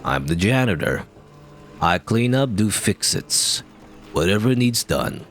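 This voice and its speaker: A man voicing a weary, cryptic old male janitor in a video game, speaking slowly and quietly. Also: sing-song, soft background music. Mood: calm. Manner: slow, low and quiet.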